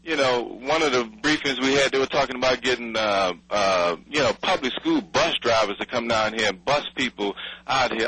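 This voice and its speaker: Furious husky man. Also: mid-range voice, normal speed, few pauses, pushed and bright, dry recording, poor audio. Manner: furious, blunt, swearing, pleading. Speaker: city official interviewed by radio. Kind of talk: angry radio interview. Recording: radio broadcast audio.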